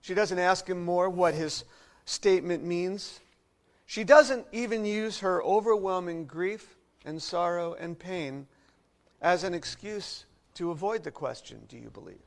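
Man, high voice, preaching a sermon, expressive, loud then hushed. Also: a little slow. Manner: expressive preaching with wide swings in loudness. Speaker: pastor.

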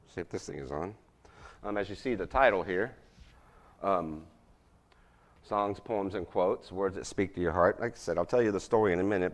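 Man, middle-aged, very deep voice, chatty presenter, lots of ums, asks the room "right?". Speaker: presenter speaking to a church group. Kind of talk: casual interactive presentation with an audience quiz. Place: room with a live audience.

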